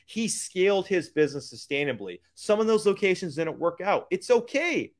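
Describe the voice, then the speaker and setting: A man giving a hyped motivational business pitch, using street slang and repeating lines for emphasis. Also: sing-song, moderate pace. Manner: hyped, keeps calling out to "guys". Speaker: business coach.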